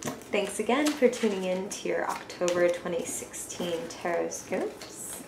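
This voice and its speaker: A woman's voice: on the low side, animated, unhurried, gravelly, heavy background noise. A young woman giving a casual, chatty tarot reading, full of filler words and giggles. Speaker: tarot reader. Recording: echoey room.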